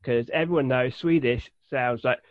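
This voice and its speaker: A man co-hosting a podcast in casual chat, joking and lively, on a dull lo-fi recording. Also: medium pitch, moderate pace, no room sound.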